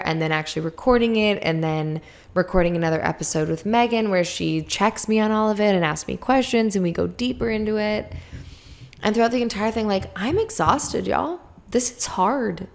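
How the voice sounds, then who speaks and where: A young adult woman hosting her own podcast, talking candidly and rambling through her thoughts with frequent laughs, her mouth dry around a lozenge. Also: medium pitch. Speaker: podcast host. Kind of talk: confessional solo podcast.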